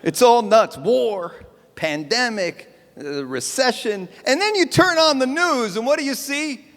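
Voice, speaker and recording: Guy doing standup, high lively voice, chatty and self-mocking, echoey big hall. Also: measured pace. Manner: animated, chatty, self-mocking, acts out bits. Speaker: stand-up comedian. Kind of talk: stand-up comedy set. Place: event hall with live audience. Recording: long hall reverb.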